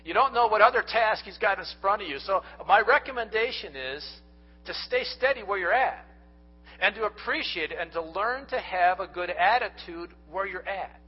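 A man's voice: high voice, animated, normal speed, breathy edge, faint music behind. A man preaching a sermon as pastor, speaking earnestly and directly to his congregation and telling folksy stories. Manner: folksy storytelling. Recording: dull lo-fi recording.

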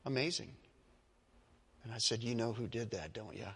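A man preaching a sermon as pastor, telling stories with animated delivery and acting out the voices of the people in them. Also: medium pitch, normal speed, creaky, husky, big-room sound. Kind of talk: sermon with storytelling.

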